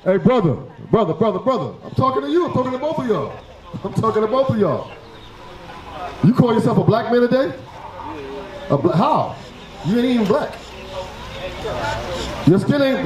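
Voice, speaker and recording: A man preaching on a city street, forceful and confrontational, firing rhetorical questions at passersby. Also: high voice, roomy sound, rough recording. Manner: forceful, fires rhetorical questions, repeats "right?".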